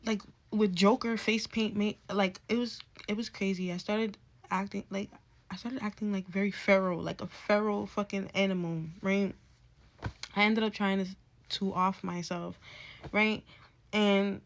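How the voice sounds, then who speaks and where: Woman talking straight to camera, rambly and blunt, curses a lot, mid-pitched. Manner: candid, rambling, profane. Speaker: storyteller. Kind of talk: casual storytime vlog.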